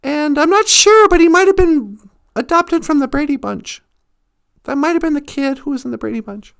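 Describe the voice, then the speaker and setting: A woman recounting a story for a live-stream audience, animated and playful with frequent jokes. Her voice sits notably high, and she swings her delivery up and down for effect. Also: moderate pace, gravelly. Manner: animated, joking, laughs often.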